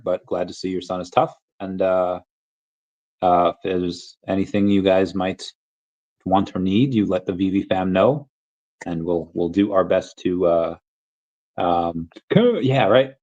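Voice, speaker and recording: A low-leaning male voice, with the highs cut off, rambles through a casual crypto livestream. He reads chat comments and chats with viewers, stumbling through fillers and restarts and occasionally shouting movie-quote impressions.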